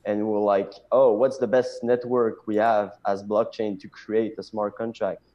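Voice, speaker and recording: French-accented man with a dark, dull sound. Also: on the low side, level tone. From Canada. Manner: halting, many pauses and fillers. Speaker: chief technical officer guest. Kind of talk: casual interview chat.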